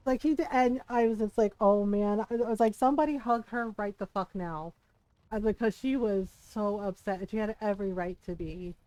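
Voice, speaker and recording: A woman streams a game and chats casually to her viewers. She gushes and laughs a lot, swears freely, and her voice sits a little on the high side. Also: normal speed, smooth, dry recording, low-quality recording. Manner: animated, gushing, laughs often, swears casually.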